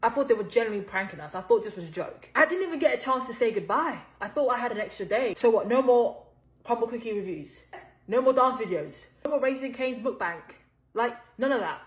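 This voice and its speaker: A woman's voice: a little high, lively intonation, brisk, echoey room. A woman talking in a chatty, incredulous way in a casual vlog. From Britain. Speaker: content creator.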